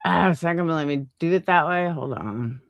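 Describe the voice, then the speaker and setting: A woman's voice: sits low, a little fast, vocal fry, dry recording, highs cut off. A middle-aged woman hosting a livestream, telling a story in casual chat and swearing a lot. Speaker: livestream host.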